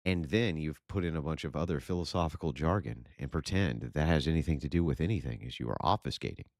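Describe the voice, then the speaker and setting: A man's voice: very deep voice, quick pace, darkish tone, no room sound, clean studio sound. A man hosting a livestream and reading super chats in a blunt, profane, sarcastic way. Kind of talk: casual livestream chat.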